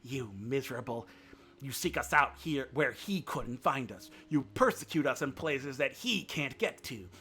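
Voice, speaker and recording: A man's voice: mid-range voice, animated, unhurried, sharp tone. A man voicing an old, badly wounded fox who pleads and hisses with contempt in a storybook reading. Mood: bitter contempt. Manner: pleading, then hissing with contempt. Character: old wounded male fox, desperate then bitter.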